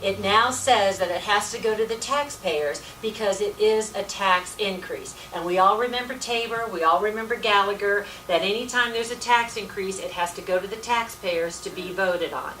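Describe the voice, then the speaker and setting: A woman's voice: medium pitch, normal speed, few pauses, fairly bright tone. Woman volunteer giving a punchy, folksy talk to a meeting, recorded from a distance in a roomy space. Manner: emphatic, folksy, repetitive "let me tell you". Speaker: volunteer speaker at a political meeting. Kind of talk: informal political presentation. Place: meeting room. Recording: echoey room, distant mic, faint hiss.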